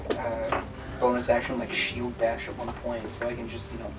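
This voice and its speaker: A man's voice: medium pitch, monotone, moderate pace. A man playing a tabletop game, talking in a casual, offhand way. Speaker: player. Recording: distant mic with music behind.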